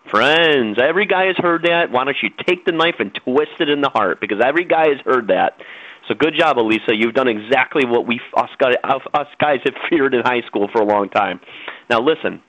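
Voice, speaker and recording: A man's voice: mid-range voice, expressive, a little fast, fairly bright tone, no echo, highs cut off. A middle-aged man, a guest on a radio talk show, lecturing in a preachy, insistent way.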